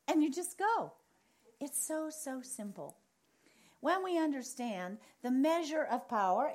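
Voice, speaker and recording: A woman preaching a charismatic sermon, telling lively stories and repeating phrases for emphasis. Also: high voice. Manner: animated storytelling, acts out other people's reactions.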